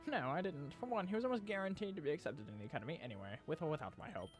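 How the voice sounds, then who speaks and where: A man voicing a kindly older male professor in a game, measured and reassuring. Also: a little high, lively intonation, faint music behind, natural voice.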